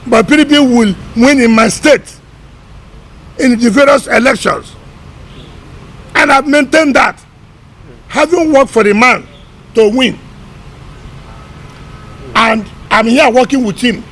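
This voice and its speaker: A man's voice: very high voice, gravelly, fairly bright tone, a little hiss or hum, poor audio. A middle-aged man, a government minister in a press interview, talking in an emphatic, combative way and often repeating words. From Nigeria.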